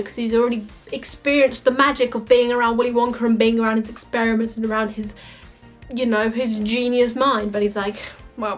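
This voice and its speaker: A woman ranting in a casual vlog, animated, sweary and mocking. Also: a little high. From United Kingdom. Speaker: vlogger. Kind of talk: casual ranting monologue to camera.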